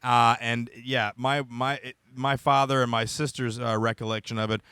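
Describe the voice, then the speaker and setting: A man with an American accent hosting a comedy podcast, teasing a caller in fast, casual banter. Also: medium pitch, level tone, bright, forceful tone, clean tone, no room sound. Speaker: podcast host. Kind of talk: casual chat.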